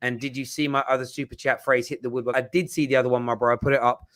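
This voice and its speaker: A man hosts a casual livestream chat, talking in quick restarts and repeated words. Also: medium pitch. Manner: animated, stammering restarts. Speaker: host.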